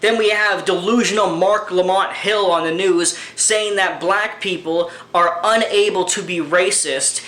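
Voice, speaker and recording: A man's voice: high-pitched, measured pace, few pauses, sharp tone. A man ranting through political commentary, angry and sarcastic, swearing often. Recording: echoey room.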